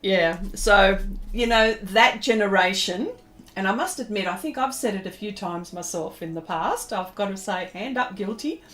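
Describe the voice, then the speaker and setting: A woman's voice: medium pitch, normal speed, fairly bright tone. A middle-aged woman with an Australian accent, chatting casually to her live viewers while she draws, rambling and laughing often. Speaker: pastel artist streaming live. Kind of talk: casual livestream chat while drawing.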